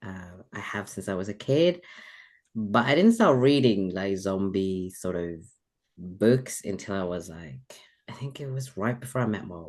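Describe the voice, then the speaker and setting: Chatty man, British-sounding accent. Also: mid-range voice. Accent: British-sounding English. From Sweden. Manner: rambling, chatty, laughs often, many fillers. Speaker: author guest. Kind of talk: casual podcast interview.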